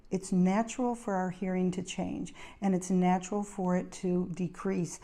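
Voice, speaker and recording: A woman's voice: on the low side, level tone, normal speed, hardly any pauses, warm tone. A middle-aged woman, an occupational therapist hosting her own show, giving casual advice and telling anecdotes in a chatty way. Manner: chatty storyteller, anecdotes with acted quotes. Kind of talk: casual advice talk to camera.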